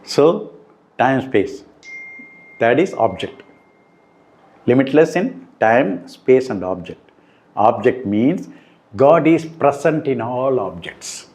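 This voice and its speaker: A middle-aged man, giving a slow, deliberate spiritual talk that turns emphatic on key points. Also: medium pitch, big pitch swings, darkish tone. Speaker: spiritual teacher. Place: room indoors.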